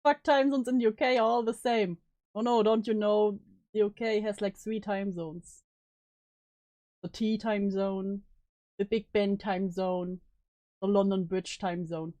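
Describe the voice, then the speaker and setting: A woman's voice: medium pitch, steady tone, unhurried, warm tone, no echo. A woman streamer reacting to a video with joking, sarcastic asides. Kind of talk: casual reaction commentary.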